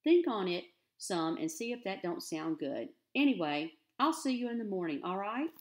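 A woman reading aloud voices an eager, dreamy seventeen-year-old country boy who talks in a hushed, coaxing way. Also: mid-range voice, sing-song, normal speed, natural voice.

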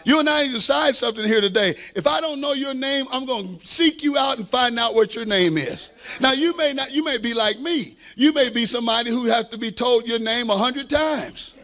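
A man's voice: very high-pitched, normal speed, bright, forceful tone. A man pastor preaching a sermon with fervent delivery, call-and-response asides and playful self-deprecating humor.

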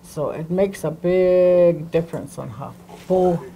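A woman teaching a language class, explaining slowly and repeating words and phrases for emphasis. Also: lowish voice, vocal fry, mellow, muffled recording, slight background noise. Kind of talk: classroom lecture.

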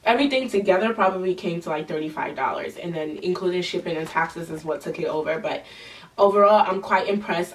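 A woman's voice: fairly low pitch, brisk, distant mic. Chatty nasal young woman reviewing makeup. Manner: chatty, gushing, with frequent fillers and restarts. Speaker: beauty vlogger.

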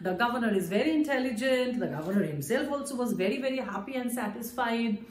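A woman's voice: fairly high pitch, lively intonation, fast talker. Chatty Indian woman teacher, echoey room. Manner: chatty, frequent "you know" fillers, mixes in Hindi. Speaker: English teacher. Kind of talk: explaining a story chapter to students.

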